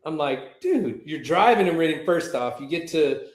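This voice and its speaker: A man's voice: on the high side, expressive, moderate pace, roomy sound, rough recording. A man co-hosting a veterans podcast, teasing and joking in casual banter. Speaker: podcast co-host, Navy veteran.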